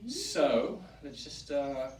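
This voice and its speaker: An Englishman from Wiltshire talks through old rural dialects in a relaxed teaching chat, stopping now and then to act out a sample line. The mic sits a fair way off, so his voice carries the echo of the room. A faint hum of ambience stays behind him. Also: medium pitch, very slow, far from the mic. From Wiltshire, England. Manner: explains and demonstrates accents with lively put-on examples. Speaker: historic site director. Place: historic tavern room.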